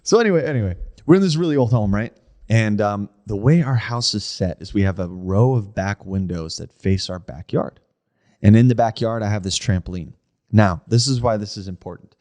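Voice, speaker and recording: A young man with a fairly low voice tells a personal ghost story in an easy, chatty way. He keeps checking in with his listener and slips into other people's voices when he quotes them. He comes across as a casual podcast host. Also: brisk. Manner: animated storyteller, acts out quoted voices, frequent "like" and "right?".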